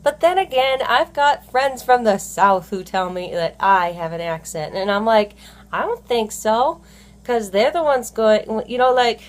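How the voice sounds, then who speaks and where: A woman's voice: fairly high pitch, measured pace. A woman, a stay-at-home mom talking in a casual vlog monologue that rambles and corrects itself, full of "you know". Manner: rambling, heavy use of "you know" fillers, self-correcting.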